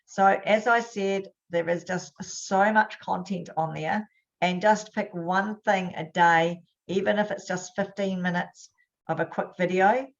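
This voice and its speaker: A woman's voice: mid-range voice, steady tone. Upbeat chatty woman, dull webinar audio. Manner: upbeat, chatty, quick bursts. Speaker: hypnosis trainer hosting a webinar. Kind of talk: casual webinar talk.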